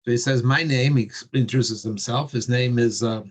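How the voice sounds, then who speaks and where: A man telling a religious story in an earnest, conversational way with many pauses. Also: medium pitch, steady tone, darkish tone, slightly rough.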